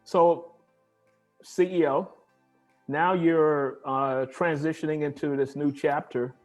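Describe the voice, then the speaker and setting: A man hosting an interview over a video call, relaxed and affirming with short replies. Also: a little high, takes it slowly, faint music behind. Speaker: interview host. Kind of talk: conversational interview.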